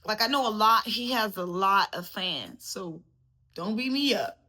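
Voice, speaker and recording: A woman's voice: mid-range voice, animated, measured pace, bright, forceful tone. A woman hosting a casual boxing commentary vlog, chatty and laughing, calling her viewers baby. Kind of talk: casual chat to camera.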